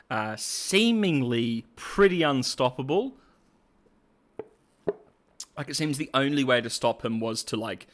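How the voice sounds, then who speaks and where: A man with a Cockney accent giving casual, rambling commentary as a host, full of restarts and quick laughs. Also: mid-range voice, fairly bright tone. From England.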